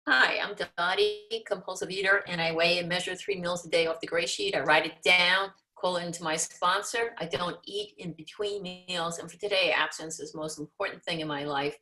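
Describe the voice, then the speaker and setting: A woman's voice: fairly low pitch, steady tone, brisk, few pauses, pushed and bright, low-quality recording. A woman giving a wry, matter-of-fact share at a support meeting. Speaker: meeting member sharing. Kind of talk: twelve-step share.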